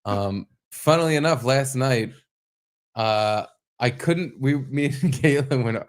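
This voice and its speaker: Chatty man telling loose stories. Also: slow pace. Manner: loose storytelling, mimics his toddler in high voices. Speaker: podcast co-host. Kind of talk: casual chat.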